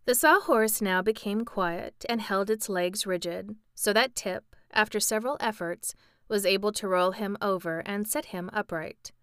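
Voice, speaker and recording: A woman narrating a classic children's story in a steady, clear reading voice. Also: medium pitch, normal speed, dry recording, clean studio sound. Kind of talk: audiobook storytelling.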